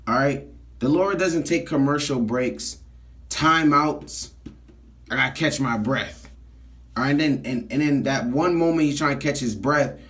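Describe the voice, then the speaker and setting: A man preaching from scripture, reading verses aloud and then explaining them in plain talk, often checking in with "all right?". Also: mid-range voice. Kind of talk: street sermon teaching scripture.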